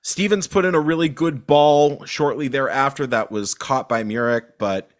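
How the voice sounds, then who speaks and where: A man co-hosting a casual football podcast, talking loosely with lots of fillers and animated bursts. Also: mid-range voice, moderate pace. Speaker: podcast co-host.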